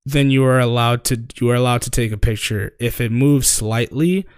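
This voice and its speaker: A man's voice: mid-range voice, normal speed, smooth, no room sound. A young man co-hosting a casual podcast, telling stories in a rambling way with many fillers and casual swearing. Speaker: podcast co-host. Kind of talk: casual chat.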